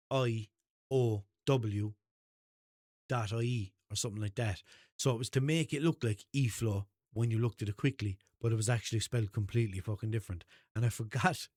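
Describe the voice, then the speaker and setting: A man's voice: mid-range voice, no room sound, studio quality. A man with a Limerick Irish accent hosting a solo podcast, rambling casually, swearing freely and laughing at himself. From Limerick, Ireland. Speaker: podcast host.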